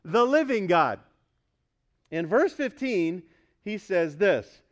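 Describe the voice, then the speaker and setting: High-voiced preacher man. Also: very animated, takes it slowly, fairly bright tone. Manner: emphatic, quizzes the congregation. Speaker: pastor. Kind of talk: sermon. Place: church service.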